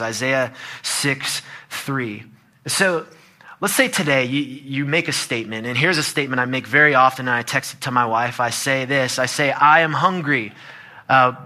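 Bright-voiced male preacher. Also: mid-range voice. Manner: earnest, building emphasis with quoted verses. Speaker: pastor. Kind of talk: sermon.

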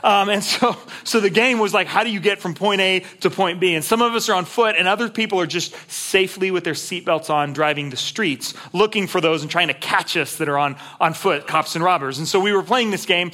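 A male pastor from Texas delivers a sermon with a bright, forceful tone and a voice pitched a little high. He talks earnestly and conversationally, sinking to near-whispers and then rising to raised appeals. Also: a little fast, few pauses. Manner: earnest, swings between hushed and raised voice.

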